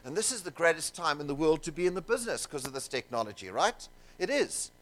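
A man telling stories to a seminar audience, animated and jokey, with asides to the crowd in a conference room. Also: on the high side, quick pace. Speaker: seminar speaker. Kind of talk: keynote storytelling to an audience.

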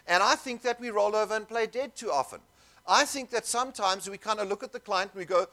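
A man telling stories to a seminar audience, animated and jokey, with asides to the crowd in a conference room. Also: high-pitched, a little fast. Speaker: seminar speaker. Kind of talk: keynote storytelling to an audience.

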